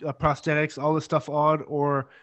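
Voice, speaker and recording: A man's voice: a little high, level tone, moderate pace, a bit bright, lo-fi sound. A man interviewing a guest, asking long, rambling questions full of filler words. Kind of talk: casual interview.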